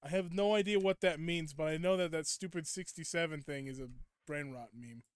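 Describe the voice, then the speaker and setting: A man's voice: fairly high pitch, fairly quick, clear, resonant tone, no echo, studio quality. A young man streaming a game and chatting casually with viewers, ranting at them in playful mock indignation. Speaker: gaming streamer. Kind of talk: casual live gameplay chat.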